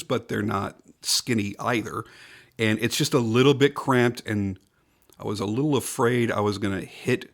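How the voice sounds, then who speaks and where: Man, knife reviewer, casual product talk, emphatic, repeats himself for stress, mid-pitched voice.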